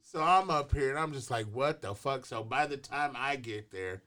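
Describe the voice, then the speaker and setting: A man's voice: mid-range voice, moderate pace, sharp tone. A man co-hosting a talk show in a studio, telling a story casually with heavy profanity. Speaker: co-host. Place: radio studio.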